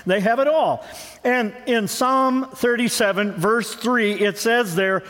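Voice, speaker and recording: Pastor, male, high voice, lively storytelling sermon delivery, long reverb on the recording. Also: slow pace. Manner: animated storytelling preacher, shifts between lively and hushed. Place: church with a congregation.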